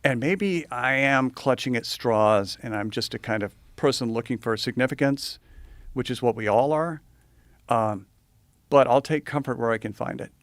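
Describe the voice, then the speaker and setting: A man speaking in a thoughtful, reflective way, pausing with some hesitation. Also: medium pitch, no echo. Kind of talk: reflective conversation.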